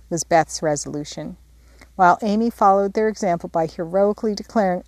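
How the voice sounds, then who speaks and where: A woman reading a classic novel aloud in a measured, expressive storytelling manner. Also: fairly low pitch, dry recording. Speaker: audiobook narrator. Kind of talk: scripted narration.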